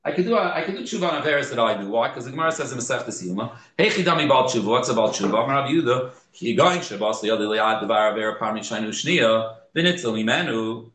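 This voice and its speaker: A man teaching a study group, acting out the story's dialogue with sudden pitch jumps, restarting his sentences and translating each quoted line. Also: lively intonation, fast, few pauses, fairly bright tone, reverberant, poor audio. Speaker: Torah class teacher.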